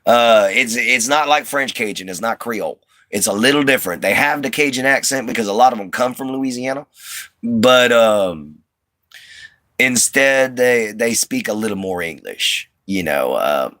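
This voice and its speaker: A man's voice: mid-range voice, lively intonation, moderate pace, sharp tone, no echo. A man from the Southern US with a slight Southern twang, hosting a rambling, easygoing livestream chat with his viewers from inside an RV. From Southern United States. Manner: rambling, easygoing, many fillers and restarts. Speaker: livestream host.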